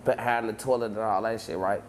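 A man telling a long story as an interview guest, in heavy street slang, acting out scenes with sudden shouts and voices. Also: on the low side, fairly even intonation, quick pace, background noise. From Chicago. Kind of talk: animated storytelling.

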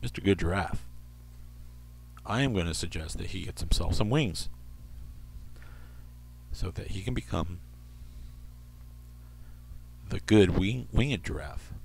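A man hosting an internet radio show, reading odd news stories in a rambling way and slipping into soft asides. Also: sits low, lively intonation, slow, creaky, long pauses, slight background noise.

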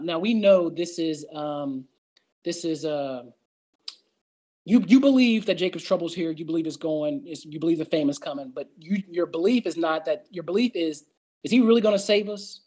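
A man's voice: fairly high pitch, normal speed, a little mellow. Male Bible study leader, casual teaching tone, reads verses and acts out doubters. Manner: conversational, reads scripture aloud and acts out doubters' voices.

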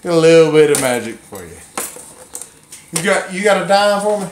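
A man's voice: fairly high pitch, very animated, a little fast, a little hiss or hum. A man performing as a children's clown and magician, teasing and coaxing a child in folksy playful banter. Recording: echoey room, mic far off.

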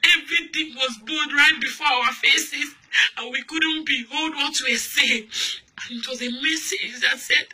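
A woman with a high, strikingly bright and piercing voice tells of a vision in an earnest, repetitive testimony. She pleads with her listeners in a fervent, exhorting manner. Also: a little slow, low-quality recording. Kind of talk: emotional dream testimony.

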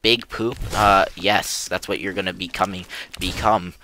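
A man's voice: deep voice, fairly even intonation, measured pace, pushed and bright, slight background noise. A young man giving goofy, rambling commentary while playing an online game, full of silly jokes. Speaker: gaming youtuber. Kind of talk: casual gameplay commentary.

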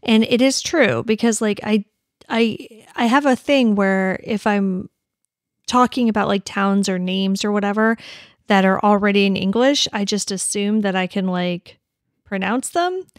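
A woman's voice: mid-range voice, a little slow, no echo. Woman podcast host, chatty and apologetic, dry close mic. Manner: chatty, apologetic, laughs often. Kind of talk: casual true-crime podcast narration.

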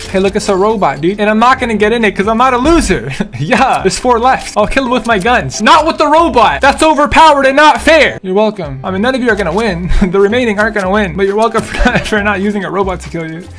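Excitable high-pitched young man gaming. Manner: loud, jokey, quick swings to shouting. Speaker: gaming YouTuber. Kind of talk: excitable gameplay commentary. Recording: game music and sound effects behind. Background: game music.

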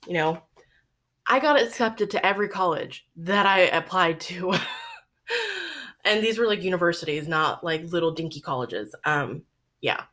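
A woman's voice: on the low side, fairly bright tone. A woman in her thirties hosting a casual crochet podcast from home, chatty and rambling with many ums, a little out of breath. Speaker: podcast host. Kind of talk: casual chat.

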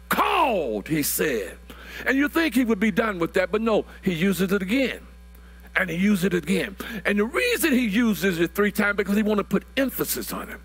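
A man, preaching a sermon that builds to shouted, drawn-out phrases, often repeating words. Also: high-pitched, very animated, husky. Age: 60s.

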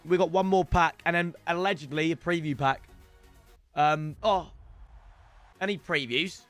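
A man's voice: fairly high pitch, measured pace, dry recording, soft background music. A young man commentating his football game livestream in a chatty, playful way, calling his viewers lads and boys. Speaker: streamer.

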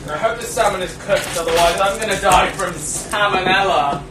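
A man's voice: high voice, normal speed. A young man tossing jokey, teasing asides into a casual phone live stream. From Britain. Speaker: co-host of an Instagram live stream. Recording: distant and echoey, loud background noise.

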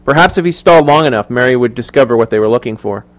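A man reading a thriller audiobook aloud in a measured, even storytelling voice. His pitch sits in the middle range and his delivery stays steady. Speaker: audiobook narrator. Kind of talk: scripted narration.

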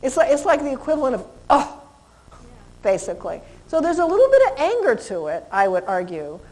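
A woman lecturing a live seminar audience on dog behavior, animated, imitating animal and human sounds and asking the room questions. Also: sits high, fast.

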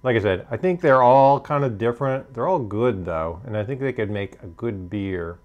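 A man's voice: mid-range voice, animated, moderate pace, a little mellow, highs cut off. A man hosting a homebrewing channel, casually reviewing his beers in a hesitant, hedging way, full of fillers.

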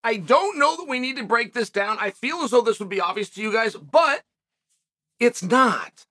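A man's voice: very high-pitched, expressive, normal speed, pushed and bright. A man hosting an opinionated commentary monologue, speaking in an emphatic, argumentative way with sarcastic asides. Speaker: host.

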